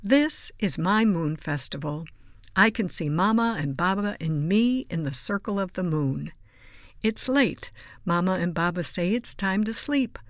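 A woman reading children's picture books aloud in a gentle, soothing storybook voice, sometimes dropping to a whisper. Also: lowish voice, lively intonation, no echo. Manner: soft, slow and soothing, dropping to a whisper at times. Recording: dry close mic with faint music behind.

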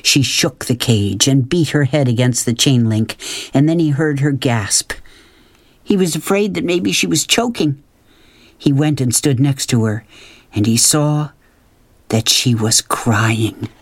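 An audiobook narrator reading a novel chapter in a calm, measured way. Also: medium pitch, no echo. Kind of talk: scripted narration.

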